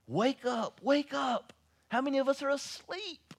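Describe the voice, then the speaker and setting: A man preaching a sermon, telling stories and swinging from hushed, reflective talk to loud, urgent exhortation. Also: very high-pitched, animated, unhurried. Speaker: pastor.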